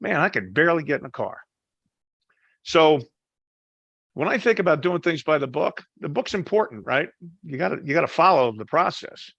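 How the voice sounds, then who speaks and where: Animated gravelly-voiced man telling a story. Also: fairly high pitch, normal speed, long pauses, dry recording, highs cut off. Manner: animated, acts out voices in his anecdotes. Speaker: guest storyteller, Marine veteran. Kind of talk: casual storytelling.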